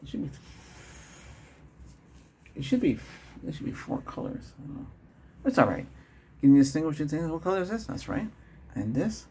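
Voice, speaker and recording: A man in whispered role-play as a doctor, talking in a chatty, rambling way, laughing often and moving between a whisper, a soft voice and his normal voice. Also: on the high side, sing-song, normal speed, pauses often, slight background noise.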